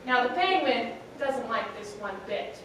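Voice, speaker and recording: A woman's voice: fairly high pitch, animated, a little slow, noisy background. A woman telling a comic animal story on a theatre stage, playful, with chatty asides. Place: theatre stage, live performance. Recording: roomy hall, voice from far off.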